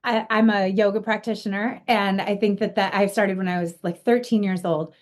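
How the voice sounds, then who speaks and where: A woman's voice: mid-range voice, steady tone, normal speed. Earnest, reflective woman hosting a chat. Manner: earnest and reflective, with frequent fillers. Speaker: podcast host and coach. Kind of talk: casual interview conversation.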